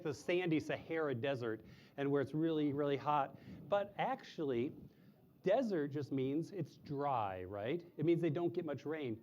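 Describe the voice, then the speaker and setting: A man's voice: a little mellow, lo-fi sound, a little hiss or hum. Man showing animals to children. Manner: chatty, explains in simple terms with fillers; imitates owl hoots in a high voice. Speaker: animal presenter. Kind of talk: live animal show for kids.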